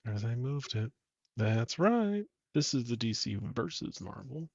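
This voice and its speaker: A man's voice: mid-range voice, sing-song, a little slow, gravelly, darkish tone, no echo. Laughing co-host man, casual and offhand, a bit muffled and dry. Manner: laughs often, offhand remarks. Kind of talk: casual live-stream chat. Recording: slightly dull, muffled sound.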